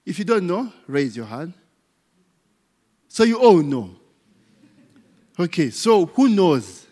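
A man preaches to his congregation, drawing out his words slowly and letting his pitch swing widely. He teases his listeners, tossing out rhetorical "what?" questions and tagging lines with "eh?" and "okay?". His voice rings with the long reverb of a church hall. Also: very animated, dark tone. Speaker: pastor. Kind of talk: interactive sermon.

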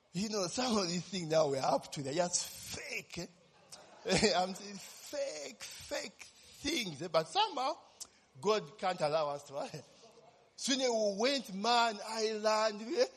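A man's voice: high voice, sing-song, slow pace, a bit bright, breathy edge, in a large hall. A man, preaching a sermon as personal testimony, telling his story animatedly and constantly tossing in tag questions.

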